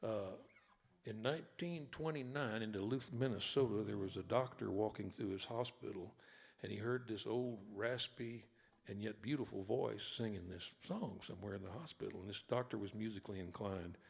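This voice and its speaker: A man's voice: on the low side, normal speed, gravelly, slightly rough. A man, an author and singer-songwriter, telling folksy, rambling stories between songs at a live concert hall. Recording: long hall reverb with guitar.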